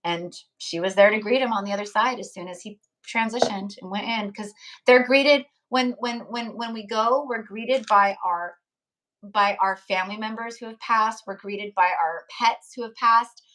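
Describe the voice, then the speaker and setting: A woman's voice: medium pitch, moderate pace, fairly bright tone. A young woman hosting a live tarot stream, speaking in a rambling, heartfelt way, with many fillers and restarts. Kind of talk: casual live-stream chat.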